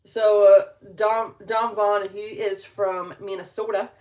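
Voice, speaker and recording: A woman's voice: mid-range voice, little pitch movement, a little mellow. A young woman from California co-hosting a casual livestream, bubbly and chatty as she reads the chat. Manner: bubbly, chatty, quick to laugh. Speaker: co-host reading the chat.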